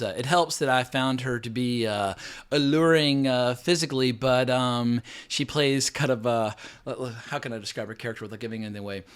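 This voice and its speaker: Male film reviewer, casual monologue, quick delivery, blunt and profane, lots of "like" and "uh". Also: mid-range voice, a bit bright. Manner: rambling, frank, with frequent fillers and profanity. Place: home, New York City.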